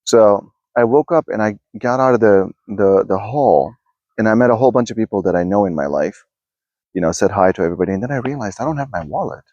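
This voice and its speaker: Self-help vlogger, male, low voice, outdoors, rambling and casual, dry lo-fi recording. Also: quick pace, darkish tone, no echo. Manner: rambling, restarts often, talks to viewers. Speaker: self-help video host. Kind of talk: casual spoken musing to camera. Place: outdoors in a backyard.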